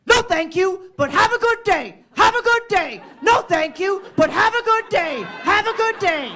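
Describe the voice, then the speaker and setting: A woman voicing an odd unmasked man on a subway who repeats himself in a high, loud voice. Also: animated, a little slow, soft background music, exaggerated voice. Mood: politely odd. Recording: live crowd laughter behind.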